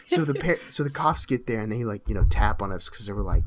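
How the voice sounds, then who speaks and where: Young male co-host, low voice, lively anecdotal delivery. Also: a little fast, few pauses, slight background noise. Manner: animated storyteller, quoting friends in lowered voice. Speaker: podcast co-host telling a story. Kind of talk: casual storytelling.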